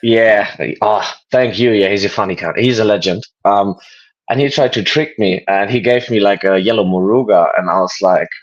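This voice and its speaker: A German man in his late twenties with a German accent, a guest chatting casually over a video call, relaxed and joking with many fillers. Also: lowish voice, moderate pace. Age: 20s. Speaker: interview guest. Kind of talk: casual interview chat. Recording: dull lo-fi video call audio.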